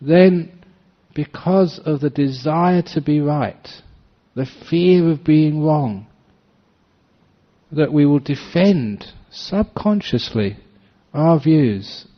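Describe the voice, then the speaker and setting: Storytelling monk on a dull recording. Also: male voice, on the high side. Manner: anecdotal storytelling, often laughing. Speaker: Buddhist monk. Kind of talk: dharma talk.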